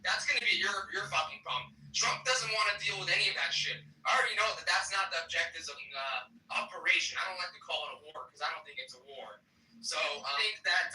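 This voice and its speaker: A fast-talking man with a bright, high voice argues politics, swearing and cutting in on the others. He sounds distant, in a roomy space with faint background noise. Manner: profane, combative, talks over others. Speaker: political livestream host. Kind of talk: heated political debate.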